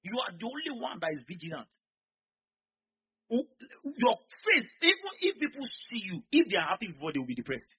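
A man with a Nigerian accent preaching a sermon, swinging from quiet asides to loud shouts. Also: sits high, huge pitch swings, normal speed, slightly rough, lo-fi sound.

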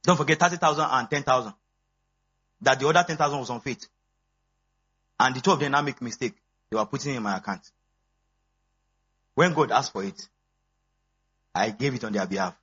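A man, preaching a sermon as pastor, animated and swinging between low asides and high exclamations. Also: brisk, long pauses, husky, highs cut off. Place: church.

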